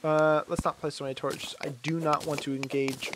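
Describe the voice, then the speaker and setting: A man's voice: a little high, little pitch movement, normal speed, noisy background. A man giving casual let's-play commentary while gaming, rambling and self-mocking, laughing often and groaning dramatically when his character gets hurt. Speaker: gaming channel host.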